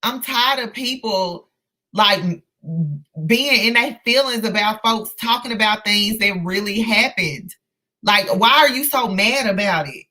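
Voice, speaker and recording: Woman host in her thirties, casual live-stream talk, slow, bright tone, heartfelt and halting. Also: medium pitch. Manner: earnest, impassioned, halting with many fillers and restarts. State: emotional, close to tears. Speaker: host of a live book discussion.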